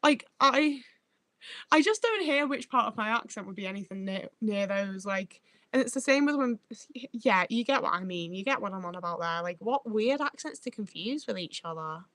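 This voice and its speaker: A woman's voice: medium pitch, expressive, moderate pace, fairly bright tone, dry recording. A woman hosting a livestream, chatting in a rambling, sweary way that often trails off and restarts mid-sentence. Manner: rambling, sweary, self-interrupting. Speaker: livestream host. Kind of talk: casual live-chat rambling.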